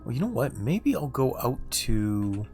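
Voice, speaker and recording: A man's voice: medium pitch, big pitch swings, a little slow, a little mellow, a little hiss or hum. A man streaming a video game, chatting casually and musing aloud while he plays. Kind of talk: casual gameplay livestream chat.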